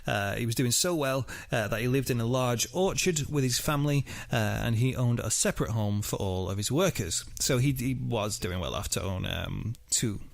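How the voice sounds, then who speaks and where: Male podcast host, gravelly, dry close mic, chatty and filler-heavy. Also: mid-range voice, animated, moderate pace, hardly any pauses, dry recording. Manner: chatty, laughing often, many fillers. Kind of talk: casual podcast chat and true-crime narration.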